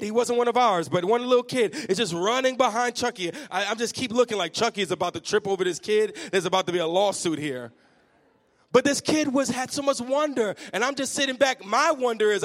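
High-voiced man preaching a fervent sermon. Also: fairly quick. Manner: lively storytelling that builds to fervent preaching; humorous, self-mocking asides. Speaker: pastor.

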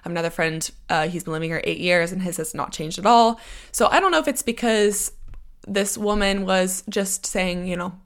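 A woman's voice: lowish voice, moderate pace, fairly bright tone. A young American woman hosting a podcast, talking casually on her own and drifting into side notes. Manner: chatty, rambling with side notes. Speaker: podcast host. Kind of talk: casual solo monologue.

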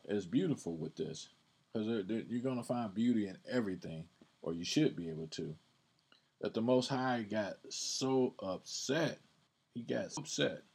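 Low, husky-voiced male podcast host; relaxed Bible teaching, repeats himself, stresses verses he reads. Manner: conversational, repeats words, reads verses aloud with emphasis. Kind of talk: casual scripture teaching.

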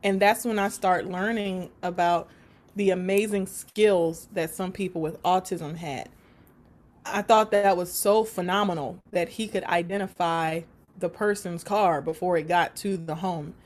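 A woman recounts a story from her work in a lively, animated way, laughing often and slipping into the voices of the people she describes. Her delivery is conversational and unscripted. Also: lowish voice, unhurried. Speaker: guest; support worker for people with autism.

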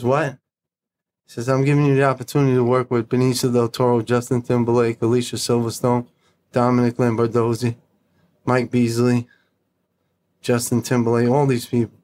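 A man tells a story as a podcast guest. He is blunt and animated and swears freely. Faint background noise is under his voice. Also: medium pitch, normal speed. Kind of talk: casual storytelling.

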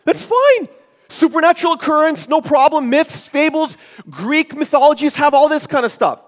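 Male pastor, very high voice, emphatic sermon delivery, long church hall reverb. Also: very animated, normal speed. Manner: emphatic, rhetorical questions, shifts between loud and hushed. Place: church sanctuary.

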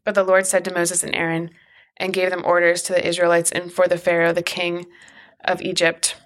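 Woman reading scripture, lowish voice, pretty flat and even, takes it steady. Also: brisk. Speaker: scripture reader.

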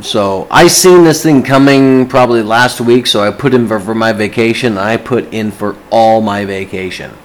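A man's voice: fairly low pitch, moderate pace, few pauses, poor audio. Profane, agitated man ranting to camera. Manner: profane, agitated, swears constantly. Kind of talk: casual rant to camera.

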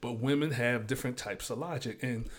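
A man's voice: mid-range voice, a little fast. Male host, solo rant, casual and crude, mid-range voice. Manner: blunt, profane, ranting. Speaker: show host. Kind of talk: casual monologue.

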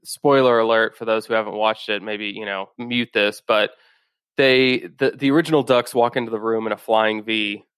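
A man's voice: fairly low pitch, steady tone, moderate pace, a bit bright, smooth, dry recording. A man hosting a podcast, interviewing a guest in a friendly, easygoing way. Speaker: podcast host. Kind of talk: casual podcast conversation.

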